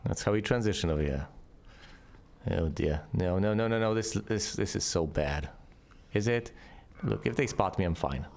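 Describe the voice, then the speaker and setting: A man's voice: deep voice, moderate pace, vocal fry, pauses often, darkish tone, a little hiss or hum. A man giving sarcastic gameplay commentary and talking back to the enemies on screen. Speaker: let's play host.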